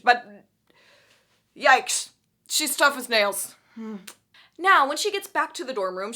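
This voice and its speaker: Young woman with a high voice doing a snarky book recap, lots of asides. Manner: sarcastic, animated asides.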